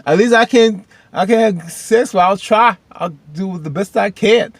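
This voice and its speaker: A man putting on the voice of an overexcited woman, in a high squealing falsetto. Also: unhurried, no room sound. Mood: eager. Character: eager overexcited woman, trying hard.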